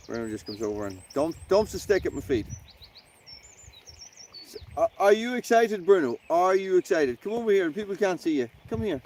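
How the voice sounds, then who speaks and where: Rambling man live-streaming by a campfire. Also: a little hiss or hum. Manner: rambling, talks to his dog in a high excited voice. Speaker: channel host. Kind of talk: casual live-stream chat outdoors. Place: outdoors by a campfire in the countryside.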